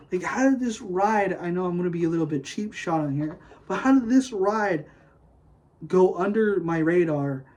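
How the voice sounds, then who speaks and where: Excitable, rambling man, mellow voice. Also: sits high, poor audio. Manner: excitable, rambling, lots of "like" and "dude"; gushing, then griping. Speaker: podcast host. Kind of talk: casual solo podcast rant.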